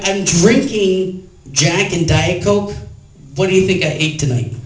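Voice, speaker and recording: A tipsy woman doing a rambling, bawdy stand-up routine on a pub stage, often laughing at her own jokes. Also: mid-range voice. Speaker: stand-up comedian. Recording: echoey pub, distant camera, noisy.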